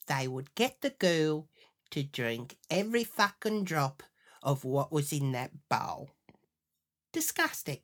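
A woman hosting a podcast, telling a crude comic story with lots of swearing and indignation. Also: on the low side. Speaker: podcast host. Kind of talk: comedic storytelling monologue.

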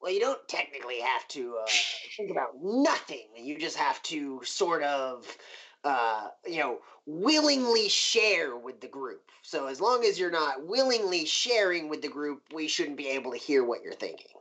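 A man's voice: on the high side, very animated, normal speed, a bit bright. A man voicing a patient male explainer. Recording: dull lo-fi recording.

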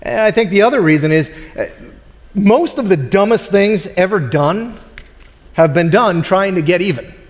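A man's voice: sits high, expressive, moderate pace, long reverb tail. A man preaching a sermon in a conversational way, acting out the voices of people in the story. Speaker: pastor.

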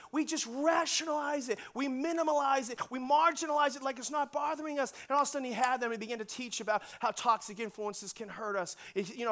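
A male pastor preaching a sermon in an animated storytelling way, laughing often. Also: very high voice.

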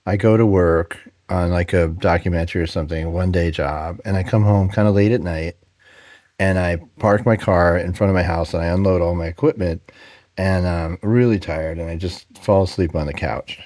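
Man, middle-aged, very low voice, dry close sound, lively storyteller who laughs and acts out dialogue, sound mixer being interviewed. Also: moderate pace, no room sound. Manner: animated anecdotes, laughs often, acts out dialogue. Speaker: production sound mixer guest. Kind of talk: conversational career storytelling.

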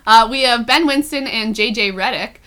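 Bright, giggly young woman podcaster. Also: on the high side, moderate pace. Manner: giggly, upbeat, many fillers. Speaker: podcast host. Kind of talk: casual celebrity gossip chat.

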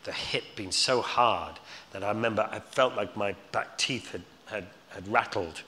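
On stage in a hall before an audience, a man appears as a guest at a live Q&A, telling anecdotes in a rambling way with many restarts and repeated words. His voice is fairly low, bright, and forceful at normal speed. The recording has live hall reverb, faint ambience, and a little hiss or hum.

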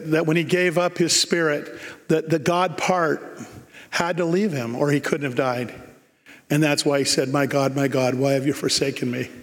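A man's voice: sits high, big-room sound. A man preaching a sermon, emphatic and repeating key phrases for effect.

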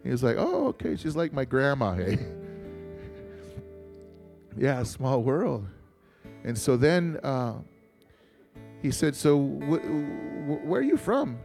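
A man's voice: mid-range voice, very animated, slow, vocal fry, long pauses, a little mellow, soft background music. A male pastor from Montana telling a personal story in a sermon, chatty and joking, calling on the congregation to answer. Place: church.

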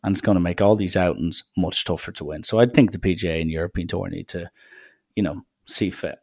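A man's voice: low-pitched, a little fast, creaky, a little mellow. Sardonic young man podcasting. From Ireland. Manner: sardonic, rambling, mock-serious. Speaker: podcast host. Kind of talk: casual solo podcast monologue.

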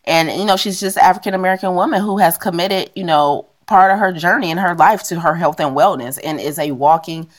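A woman co-hosting a podcast in casual chat, animated and laughing often as she retells stories. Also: fairly low pitch, brisk, hardly any pauses. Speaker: podcast co-host.

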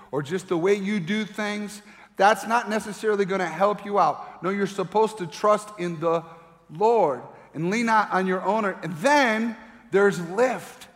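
A middle-aged man preaching from the pulpit with a fairly high voice. He tells a family story with animated delivery, acting out the voices. His words ring out with the long reverb of a large hall. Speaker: pastor. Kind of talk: sermon with personal story.

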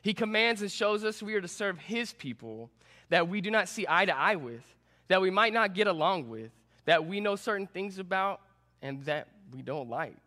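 A young adult man, a student pastor, preaching a sermon and telling a personal story with animated, self-deprecating humor. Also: sits high, moderate pace. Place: church sanctuary. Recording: long reverb in a church hall.

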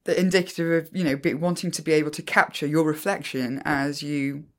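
A man's voice: a little high, steady tone, fairly quick, fairly bright tone. A man from England chatting casually as a podcast co-host, thoughtful and hesitant, laughing easily. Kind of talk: casual chat.

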